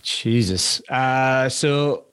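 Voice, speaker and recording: A man's voice: mid-range voice, extremely slow, fairly bright tone, smooth. A man hosting a podcast, chiming in with short reactions and casual questions. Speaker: podcast host. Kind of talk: casual interview chat.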